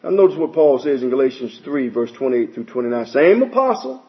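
A man's voice: mid-range voice, big pitch swings, a little fast. A man preaching a sermon, emphatic and full of rhetorical questions, citing scripture chapter and verse. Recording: dull lo-fi recording.

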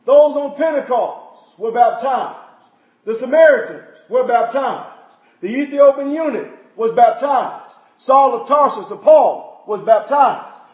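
High-voiced emphatic male preacher. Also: expressive, slow pace. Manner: emphatic, with rhetorical questions and scripture citations. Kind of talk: sermon. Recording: dull lo-fi recording.

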